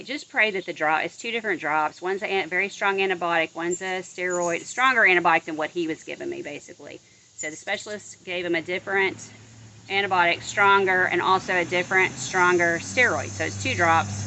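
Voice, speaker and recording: A woman's voice: fairly low pitch, bright, forceful tone, a little hiss or hum, rough recording. A woman vlogging in a casual chat outdoors in her yard, rambling along with frequent restarts and asides. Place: outdoors in a yard near bird feeders.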